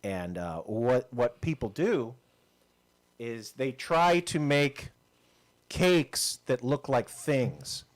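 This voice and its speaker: Man, podcast co-host, casual storyteller, mid-pitched ordinary voice. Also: lively intonation, drawn-out words. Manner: storytelling, chatty, laughing asides. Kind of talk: casual chat.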